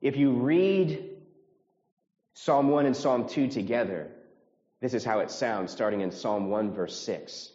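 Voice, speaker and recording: A man's voice: a little slow, a little mellow. Earnest preaching man in a reverberant hall. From United States. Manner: earnest preaching, repeats phrases, rises in pitch when stirred. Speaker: pastor. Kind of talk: sermon. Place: church sanctuary. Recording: reverberant hall, slightly dull sound.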